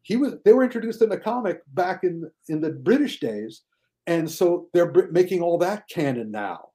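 An older man chats on a podcast in a mellow, slightly raised voice. He talks with animated energy and now and then mocks others in exaggerated, high tones. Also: moderate pace. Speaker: guest film critic. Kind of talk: casual podcast chat.

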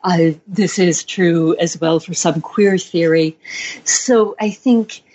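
A woman author answering interview questions in a reflective, measured way, with fillers and light laughs. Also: on the low side, dark tone. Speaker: author and guest. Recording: slightly dull, lo-fi sound.

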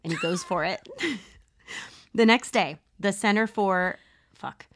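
Animated woman telling a story. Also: mid-range voice, takes it slowly, a little hiss or hum. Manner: animated, laughs often, swears casually. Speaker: podcast host. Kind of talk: casual storytelling chat.

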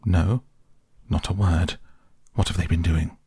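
A man's voice: deep voice, steady tone, unhurried, dark tone, breathy edge, no room sound, clean studio sound, full character voice. A man doing a humbled boastful old toad. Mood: contrite.

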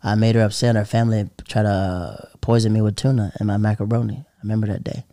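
A lowish, mellow voice belongs to a Southern stand-up who speaks quickly with fairly even intonation. He rambles through casual stories loaded with "like" and voices the characters he quotes, in a studio-quality recording with no room sound.

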